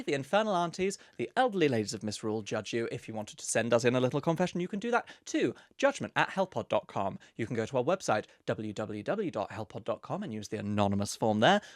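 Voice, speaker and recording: A man co-hosting a camp comedy podcast in a studio. He rants theatrically and bursts into laughter while reading letters aloud, his pitch swooping all over the place. The sound is dry and close to the mic. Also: a bit bright, no room sound. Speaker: podcast co-host.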